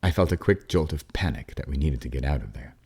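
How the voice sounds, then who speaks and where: A man narrating an audiobook as a father, with a warm storytelling manner, wry asides and the odd dip into a whisper. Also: very deep voice, animated, fast, breathy edge.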